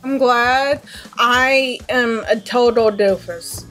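Young woman, high voice, slow, exasperated, self-mocking gameplay commentary, faint music. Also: animated, a bit bright. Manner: exasperated, self-mocking, sing-song complaints. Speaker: let's play gamer. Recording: faint game music behind.

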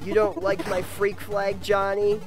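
A man voicing an indignant, theatrical high-school misfit student who rants defiantly, over game music. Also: completely flat delivery, a little slow. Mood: indignant ranting.

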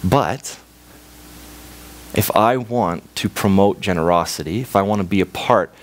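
Young Canadian man, church sermon, lowish voice, storyteller's delivery. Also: unhurried. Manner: storytelling, acts out voices in a parable. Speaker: preacher.

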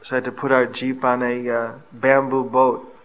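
An older man giving a scripture class, telling stories from his travels and pausing often with fillers. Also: mid-range voice, flat delivery, narrow, tinny audio, slight background noise. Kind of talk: anecdotal scripture lecture.

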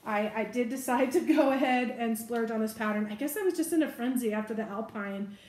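A woman's voice: fairly high pitch, fairly quick, darkish tone. Chatty, giggly woman in an echoey room. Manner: chatty, giggly, self-correcting asides. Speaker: bag reviewer. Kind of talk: casual product review.

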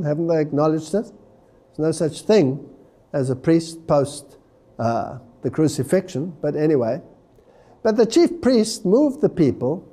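Slow, animated male Bible lecturer. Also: high voice. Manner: reads scripture aloud with dramatic emphasis.

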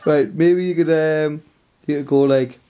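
A man's voice: fairly high pitch, fairly even intonation, measured pace, warm tone, smooth. A man joking around with a friend while filming, throwing in silly sounds. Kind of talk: casual chat.

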